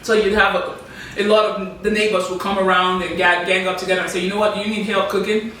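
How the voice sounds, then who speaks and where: A woman's voice: medium pitch, little pitch movement, fast talker, fairly bright tone, slight background noise. A woman, host of a casual food chat, patiently explaining dishes step by step. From Nigeria. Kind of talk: casual chat over a home-cooked meal. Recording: echoey room, distant mic.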